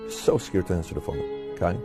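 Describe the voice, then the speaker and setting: A man's voice: deep voice, fast talker. A man telling a personal story with feeling. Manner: emotional, animated retelling. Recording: speech over music.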